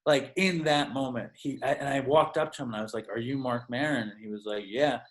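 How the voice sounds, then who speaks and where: A man's voice: medium pitch, a little fast. A man telling stories as a podcast guest, rambling and profane and full of "like". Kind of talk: casual storytelling.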